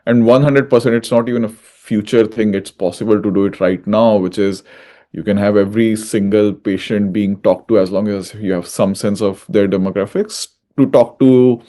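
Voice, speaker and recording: A man, a tech executive guest, explains how things work. He speaks matter-of-factly. His voice has a mellow, warm tone. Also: fairly low pitch. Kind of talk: interview answers.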